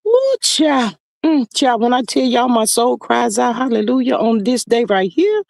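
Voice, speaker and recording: A woman's voice: a little high, sing-song, unhurried, creaky, a little mellow, no echo, clean studio sound. A woman hosting a live stream, talking animatedly to her viewers in a preachy call-out style.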